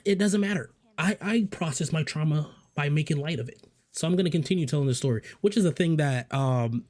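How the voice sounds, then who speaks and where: Male vlogger, mid-range voice, tells a story in a loose, swearing, sidetracking way. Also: medium pitch. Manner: profane, rambling, joking asides. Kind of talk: casual storytelling monologue.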